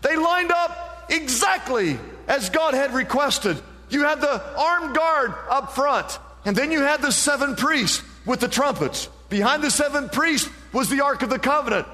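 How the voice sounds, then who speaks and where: A man's voice: very high-pitched, expressive, unhurried, pushed and bright, long reverb tail. A male pastor preaching an impassioned sermon, building each point to a repeated refrain.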